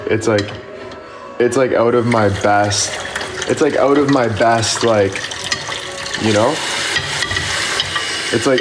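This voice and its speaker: A man on a livestream, giving casual motivational talk in a rambling way, full of "like" and "you know". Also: lowish voice. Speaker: social media creator on a livestream. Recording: echoey room with faint music behind.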